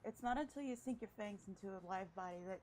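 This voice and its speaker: A woman's voice: medium pitch, darkish tone, faint music behind, lightly acted, low-quality recording. Woman reading as a smug theatrical male vampire. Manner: slow emphatic preacher-like delivery.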